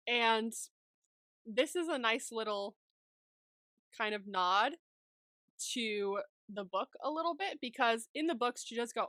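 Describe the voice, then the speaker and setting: Bright-voiced woman casually recapping a film. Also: on the high side, measured pace, long pauses, no echo. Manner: laughs often, swears freely, acts out characters. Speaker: podcast co-host recapping a movie. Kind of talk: casual chat.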